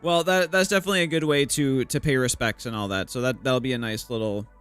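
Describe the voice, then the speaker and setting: With faint music in the background, a young man streaming his art chats fast into a desk mic in a clear, resonant, mid-range voice with a fairly bright tone. He welcomes viewers casually and pokes fun at himself.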